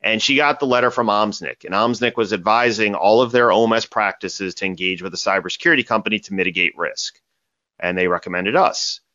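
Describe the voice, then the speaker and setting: Bright, lower-voiced man on dull audio. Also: brisk, no echo. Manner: animated storyteller, tags points with "right?". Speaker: cybersecurity company guest. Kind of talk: podcast interview answers.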